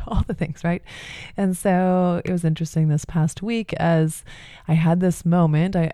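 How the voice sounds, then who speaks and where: A woman's voice: deep voice, warm tone, no echo, clean studio sound. A middle-aged woman, a mother, talking in a candid, rambling personal monologue full of fillers and restarts.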